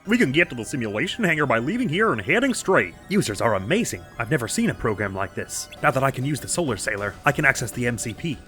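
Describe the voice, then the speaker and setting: A man's voice: mid-range voice, very animated, fast talker, few pauses, fairly bright tone, faint music behind. A man hosting a let's play, giving playful, chatty gameplay commentary and laughing often.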